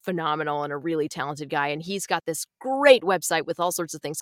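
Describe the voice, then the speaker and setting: Woman, low-pitched, frank, emphatic, casual advice, dry recording. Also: dry recording. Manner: brisk, frank and emphatic with mild swearing. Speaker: audiobook narrator guest.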